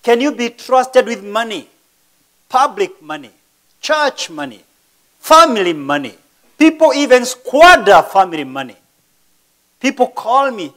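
A male pastor delivers a sermon in a high, raised voice at an unhurried pace. He fires rhetorical questions at his listeners and lets dramatic pauses hang. His loudness rises and falls sharply for emphasis. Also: very animated.

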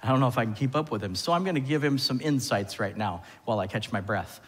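A male preacher acting out an exhausted middle-aged father, out of breath and muttering low and weary about his fast son. The voice drops a little below his usual pitch. Long church reverb trails after it. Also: expressive, lightly acted.

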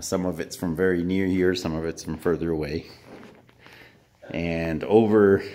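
Middle-aged man, lowish voice, loose and chatty vlogger recording outdoors. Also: darkish tone, slight background noise. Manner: rambling, restarts often, chuckles. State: out of breath. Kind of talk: casual vlog narration. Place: outdoors near a mine, walking.

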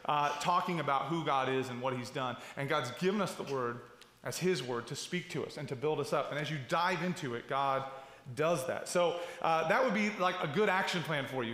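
A middle-aged man preaches a sermon in a high, bright, forceful voice. He talks in a loose, conversational way, full of asides, restarts and rhetorical questions. The recording is roomy, with the long echo of a large church hall. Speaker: pastor.

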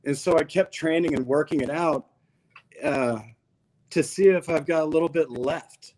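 A man's voice: a little high, normal speed, darkish tone, rough recording. A man as a podcast guest, telling a long story in a casual, slangy, laid-back way. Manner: laid-back, slangy, peppers talk with "dude".

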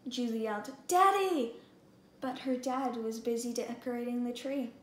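High woman reading a storybook, slow and expressive, echoey room with faint hum. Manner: expressive and deliberate. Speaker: storybook reader. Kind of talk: reading a picture book aloud.

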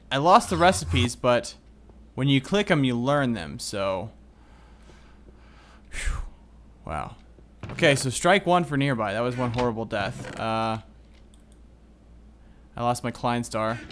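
A man commentating his own game as he plays, excitable and groaning at setbacks. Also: medium pitch. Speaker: gaming video host. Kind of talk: Minecraft let's play commentary.

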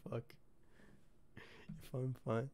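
A male game streamer talking slowly over his live play, cursing and reacting with sudden outbursts. His pitch sits in a middle range, with a faint hum of noise behind him. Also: flat delivery. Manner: swears and reacts loudly while playing. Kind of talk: casual live gameplay commentary.

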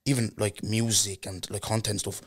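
A man's voice: fairly low pitch, level tone, moderate pace. A young man with an Irish accent hosting a podcast in blunt, slangy casual chat. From Ireland. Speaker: podcast host.

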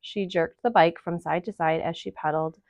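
A woman reading a children's novel aloud to school families, in steady storytelling narration. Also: lowish voice, normal speed, dry recording. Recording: dull, dry lo-fi recording.

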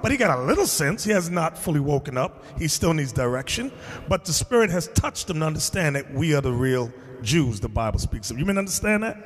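A high, husky man's voice swings widely in pitch as he preaches. He talks in an emphatic, streetwise way, and his words ring with a long reverb. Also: a little fast. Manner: animated and emphatic, mixing street talk with scripture. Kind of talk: sermon-style teaching. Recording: reverberant hall.

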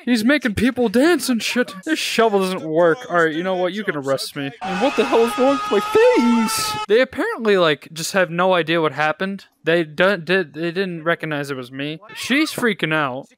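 A man's voice: high-pitched, sing-song, moderate pace, hardly any pauses, noisy background. A young man giving casual, joking gameplay commentary, sarcastic and swearing often. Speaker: gaming YouTuber.

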